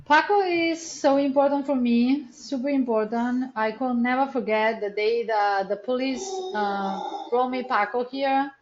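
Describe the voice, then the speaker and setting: A woman guest in a casual interview, telling stories in an earnest, chatty way with some non-native English phrasing. Her voice sits a little high. The recording sounds somewhat dull and lo-fi. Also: measured pace, few pauses, a little mellow, a little hiss or hum. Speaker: wildlife rescue center founder, guest.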